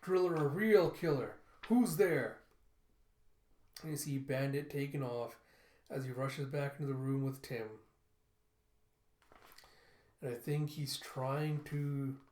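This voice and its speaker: A man's voice: medium pitch, a little mellow. A man casually reading through a comic and reacting, with loose wording and many fillers. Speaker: comic reviewer. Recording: echoey room.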